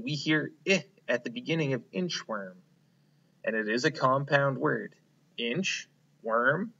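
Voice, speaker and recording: A man teaching a phonics lesson to young children, slowly prompting them to repeat words and praising them. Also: medium pitch, pushed and bright, lo-fi sound. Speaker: kindergarten teacher.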